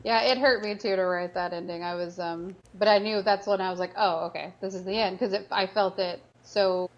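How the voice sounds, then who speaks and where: A woman's voice: medium pitch, steady tone, brisk. Chatty woman author, dull lo-fi sound. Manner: chatty and apologetic, many fillers and restarts. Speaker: author guest. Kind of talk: casual podcast interview.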